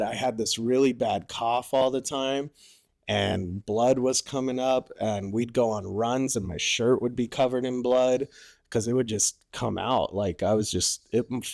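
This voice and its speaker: A man's voice: medium pitch, steady tone, unhurried, vocal fry, darkish tone, dry recording, clean studio sound. A man and former Marine telling war stories on a podcast in a loose, profane way, full of "like" and "you know". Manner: loose, profane, heavy use of "like". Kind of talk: casual storytelling.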